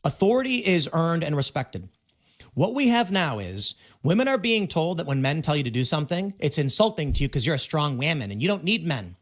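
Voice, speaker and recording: A man talks through unscripted commentary on his live stream, voice sitting slightly high and swooping widely between highs and lows. He tells it as stories, acting out what people said and repeating key words for stress. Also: big pitch swings, fairly quick. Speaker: livestream host.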